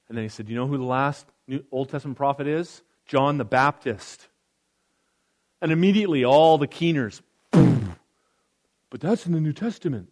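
A pastor preaching a conversational sermon, reading scripture aloud with casual asides. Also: male voice, medium pitch.

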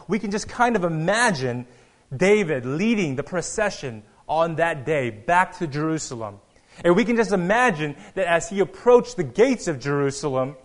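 A man preaching a sermon earnestly, rising to loud proclamations and dropping to quiet asides. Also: high-pitched. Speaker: pastor.

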